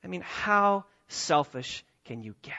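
A man preaching a sermon as a pastor, emphatic, moving between quiet asides and raised lines. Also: sits high, animated, a little slow. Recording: slightly dull lo-fi sound.

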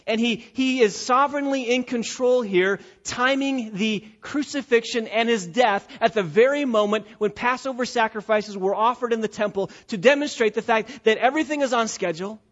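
Male preacher, high voice, emphatic and repetitive, dull lo-fi recording. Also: a bit bright. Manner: emphatic, repetitive, rhetorical questions. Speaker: pastor. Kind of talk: expository sermon.

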